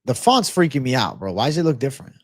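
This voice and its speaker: A man's voice: medium pitch, sing-song, quick pace, breathy edge, dry recording, clean studio sound. Profane, rambling male stream host. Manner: profane, rambling, flares into ranting. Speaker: livestream host. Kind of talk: live betting-picks stream talk.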